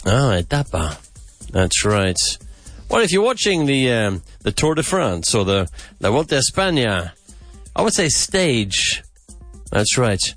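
A man hosting a podcast vocabulary lesson, repeating words slowly and with emphasis. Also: mid-range voice, sing-song, a bit bright, soft background music. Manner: slow, emphatic repetition of words. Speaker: English teacher and podcast host.

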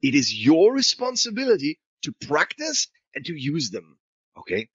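A man's voice: a little high, wildly swooping pitch, normal speed, fairly bright tone, husky, no echo, highs cut off. A man teaching an English grammar lesson to Spanish speakers, asking and answering his own questions and switching into Spanish to explain.

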